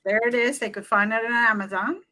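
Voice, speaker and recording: A woman co-host steers an interview with short prompting questions. Her voice sits a little high, and she leaves small fillers between thoughts. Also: steady tone, fairly quick, a crowd in the background. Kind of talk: podcast interview.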